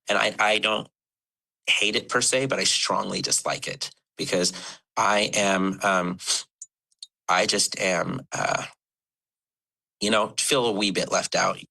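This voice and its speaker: Deep, gravelly man telling his story haltingly. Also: pushed and bright, poor audio. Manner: halting and earnest, many fillers and restarts. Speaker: podcast guest. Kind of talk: candid personal storytelling.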